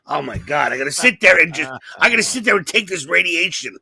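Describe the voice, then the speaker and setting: A man co-hosting a comedy podcast, telling profane stories in a casual, animated way and acting out the people in them. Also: a little high, fast talker, creaky. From New York area. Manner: profane, animated storyteller who acts out quotes. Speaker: podcast co-host.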